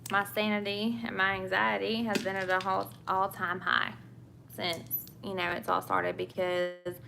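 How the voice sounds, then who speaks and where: Chatty woman with a gravelly Southern accent. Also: medium pitch, level tone, measured pace, background noise. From England. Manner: chatty, answers viewer questions, many fillers and restarts. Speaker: nurse and vlogger. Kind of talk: casual chat while doing makeup.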